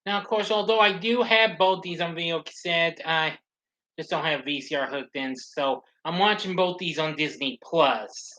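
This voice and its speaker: A man chatting casually on a live stream, rambling along with halting restarts and fillers. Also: fairly high pitch, bright, forceful tone, rough recording.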